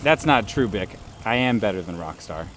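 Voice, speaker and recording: Man, casual bike livestream, lowish voice, outdoors, faint background hiss. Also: expressive, moderate pace, a bit bright. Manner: chatty, laughs often, reads out viewer names. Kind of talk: casual live-stream chat. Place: outdoors riding a bike on city streets. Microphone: camera rig on the bike.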